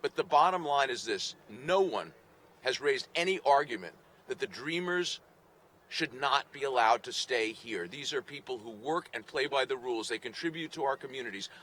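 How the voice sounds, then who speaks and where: A man's voice: mid-range voice, a bit bright. A man giving a formal speech at an outdoor rally, firm and declarative in delivery. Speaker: state attorney general. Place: outdoors outside a courthouse.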